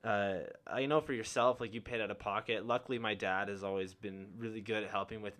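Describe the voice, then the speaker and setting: A man's voice: fairly low pitch, steady tone, fairly quick, a bit bright. A young man hosting a podcast in casual chat, laid-back and encouraging, full of "like" and "um". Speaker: podcast host.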